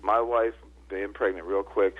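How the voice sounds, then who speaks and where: A man's voice: on the low side, steady tone, measured pace. A man in his sixties, a guest on a radio show, telling stories in an emotional, earnest way. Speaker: guest speaker. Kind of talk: storytelling in a radio interview. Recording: tinny phone line.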